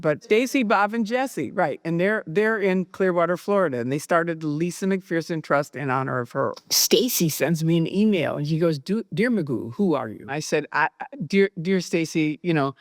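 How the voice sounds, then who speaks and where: A woman recounting her personal experiences, animated and acting out the dialogue she quotes. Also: low-pitched, moderate pace, hardly any pauses, no room sound, studio quality. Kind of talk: personal storytelling.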